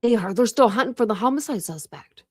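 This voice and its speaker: A woman's voice: a little high, lively intonation, fast, breathy edge, no echo, studio quality. A woman hosting a true crime livestream, chatting casually and greeting viewers by name with lots of fillers. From Ohio, United States.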